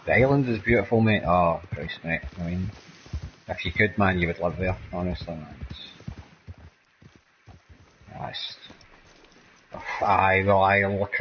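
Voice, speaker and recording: The recording has its highs cut off and a little hiss or hum, carrying a man's deep voice with a Scottish accent. As a gameplay streamer he chats and rambles casually, tagging nearly each sentence with "man" or "mate."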